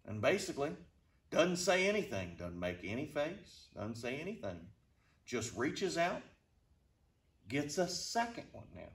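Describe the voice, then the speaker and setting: A man casually telling a funny travel story to his channel, with a slow, deadpan drawl. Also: on the high side. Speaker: storyteller vlogger. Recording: roomy, distant from the mic.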